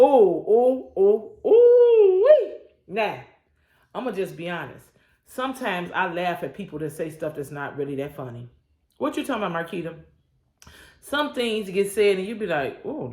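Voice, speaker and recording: A woman leading a morning devotion on her own channel, preaching with call-and-response energy and folksy asides. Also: on the low side. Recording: roomy echo.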